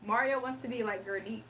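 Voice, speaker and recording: A woman's voice: on the high side, fairly bright tone, recorded from a distance, slight background noise. A young woman hosting a casual livestream, chatting, laughing often and reading viewers' comments aloud. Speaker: livestream host doing readings.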